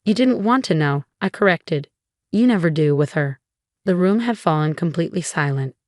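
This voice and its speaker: A woman reading a scripted first-person story in an even, measured way. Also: fairly low pitch, no room sound, studio quality.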